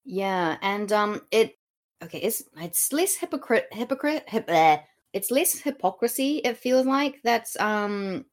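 A woman co-hosting a podcast in casual chat, sarcastic and sweary, breaking into silly mocking voices. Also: medium pitch. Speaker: podcast co-host.

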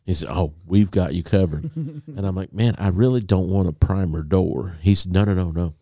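A man co-hosting a podcast, telling a long story in a casual, animated way and acting out a phone call. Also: sits low, moderate pace, no room sound, studio quality. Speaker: podcast co-host.

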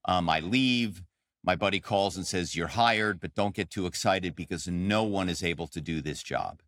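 A middle-aged man, a guest on an interview show, telling his story in an animated, conversational way with many fillers. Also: low voice, normal speed, no echo, studio quality. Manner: animated storyteller, frequent "um" and "you know". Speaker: podcast guest, author and former corporate spy.

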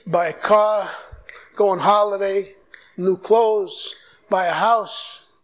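A man's voice: high-pitched, unhurried. A man giving a sermon as a guest preacher, exhorting the crowd and acting out short exchanges in his own voice. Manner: exhorting, animated, mimics dialogue.

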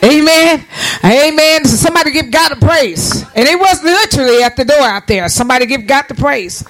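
A man's voice: very high voice, a little fast, low-quality recording. A man preaching a sermon, calling for amens and praise from the congregation, often restarting his phrases as he builds his point. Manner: animated preaching with call-and-response and frequent restarts.

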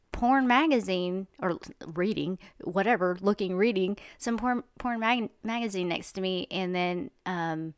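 A woman's voice: medium pitch, measured pace, clean tone, no echo, clean studio sound. A woman talking in a chatty, rambling, indignant monologue. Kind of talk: casual monologue.

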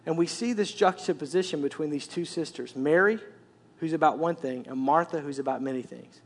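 A man pastor preaching a sermon, telling the story in an animated way with repetitive, emphatic phrasing. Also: on the high side, fairly quick.

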